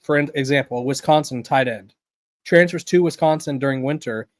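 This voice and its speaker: Casual sports podcast host, dry mic. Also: male voice, mid-range voice, normal speed, no echo. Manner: conversational, rambling with fillers and restarts.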